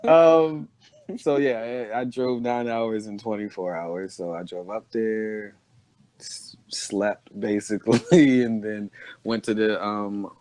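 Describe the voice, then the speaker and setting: A man's voice: fairly low pitch, fairly even intonation, slow, background noise. A man co-hosting a podcast, telling a rambling story in casual chat and laughing between phrases. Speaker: podcast co-host.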